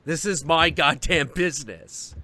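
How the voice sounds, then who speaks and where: A man's voice: fairly high pitch, unhurried. A man hosting a live stream, telling a story in a casual, profane rant and acting out the people in it. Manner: animated, profane, acts out voices in his story. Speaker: stream host.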